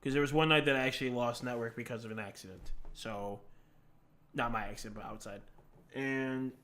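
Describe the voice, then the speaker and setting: A man's voice: mid-range voice, steady tone, fairly quick, fairly bright tone. A man chatting casually on a live stream, rambling and laughing often as he answers questions from chat while he plays.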